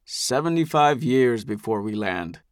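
A man voicing an older male ship leader in an audiobook, speaking in a grandfatherly, theatrical, deliberate way. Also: medium pitch, expressive, no echo, studio quality, close to an everyday voice. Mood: grave. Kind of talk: audiobook character voice.

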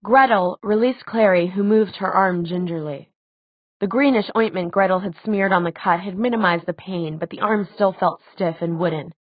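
A woman narrating an audiobook in a measured, even storytelling manner. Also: medium pitch, dry recording, phone-quality sound.

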